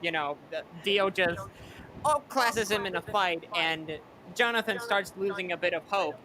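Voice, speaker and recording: A woman with a mid-range voice walks through an anime plot step by step in casual fan chat. Clear background chatter runs under her voice. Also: mid-range voice, measured pace, low-quality recording. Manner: detailed, eager plot recap. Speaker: co-host.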